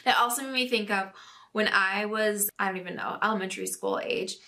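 A woman's voice: medium pitch, fairly quick, sharp tone. A woman in her thirties hosting a podcast, reading out listener stories and chatting casually with frequent laughs. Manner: giggly, chatty, laughs often. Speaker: podcast host.

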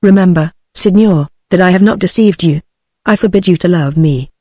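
A woman's voice: fairly low pitch, normal speed, no room sound, studio quality, lightly acted. A text-to-speech woman's voice with a British accent voicing a sad, fragile young female singer in a storybook reading. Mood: sorrowful. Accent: British English. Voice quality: even synthetic reading voice.

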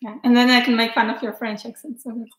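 A woman from Russia hosting a casual live-stream chat, excitable and teasing, laughing often. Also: a little high, fast talker, roomy sound, rough recording. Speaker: host.

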